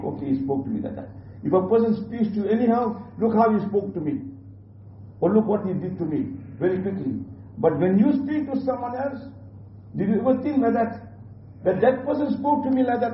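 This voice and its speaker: A man's voice: high-pitched, a little hiss or hum. A man giving an earnest religious sermon, repeating his points and mixing in Urdu religious terms. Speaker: preacher. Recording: distant, roomy, dull lo-fi recording.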